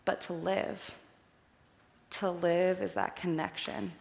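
A young woman from Iowa tells stories in an animated, chatty way during a faith talk. Her voice sits a little low, with a gravelly fry at the ends of phrases. It rings out in a large, echoey hall with a long reverb tail. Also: slow pace. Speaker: speaker giving a faith talk. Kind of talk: personal storytelling talk with slides.

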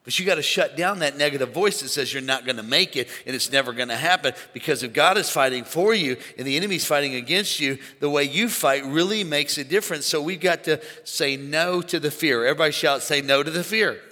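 A man preaching an animated sermon to a church congregation, calling on them to shout along. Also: fairly high pitch, brisk, few pauses. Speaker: pastor. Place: large church auditorium. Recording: long hall reverb.

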